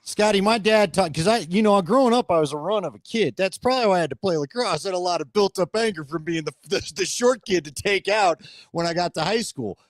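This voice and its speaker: A man hosts a casual sports talk show in a high voice, recorded dry and close. He talks in a quick, conversational way and pokes fun at himself. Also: animated, no room sound. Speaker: host.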